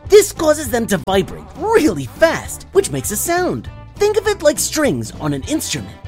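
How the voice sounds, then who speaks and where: A woman's voice: high-pitched, wildly swooping pitch, normal speed, darkish tone, faint music behind. A woman hosting a children's educational show, giving an upbeat, playful scripted explanation. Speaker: host of a kids' explainer show.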